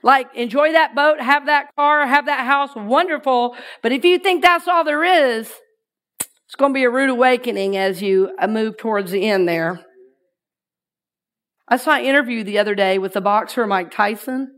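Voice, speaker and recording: Woman, minister, sermon, slightly high voice, playful, gets the congregation to repeat lines. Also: moderate pace. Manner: lively and playful, has listeners repeat lines.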